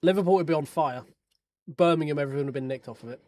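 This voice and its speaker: A man's voice: on the high side, quick pace, darkish tone, no room sound. A man streaming sim racing, chatting casually with viewers over race replays in a joking, sweary way. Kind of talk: casual live-stream chat while reviewing race replays.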